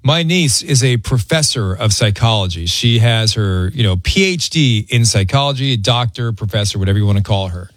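A middle-aged man hosting a morning radio show, talking in an animated, dramatic, mock-aggrieved way. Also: lowish voice, brisk, few pauses, no room sound. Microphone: studio mic.

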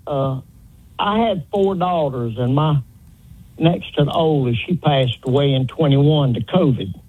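A man's voice: on the high side, a little slow, slightly rough. An older man calling a radio show, polite and folksy, calling the host sir. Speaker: caller. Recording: tinny phone line.

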